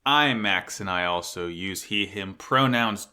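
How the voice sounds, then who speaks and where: A man co-hosting a podcast, chatting excitably and swearing often. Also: low-pitched, a little slow, smooth. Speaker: podcast co-host. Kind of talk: casual chat.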